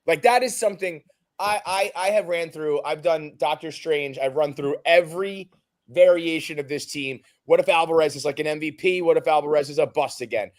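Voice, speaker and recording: Male podcast co-host, casual rambling fan talk, a bit high-voiced. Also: brisk. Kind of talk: casual sports chat.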